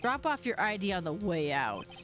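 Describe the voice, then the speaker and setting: A woman's voice: mid-range voice, sing-song, moderate pace, music in the background, pitched below the performer's own voice, close to an everyday voice. A woman voicing a condescending, middle-aged male police chief, reading game dialogue aloud in a smug, commanding way.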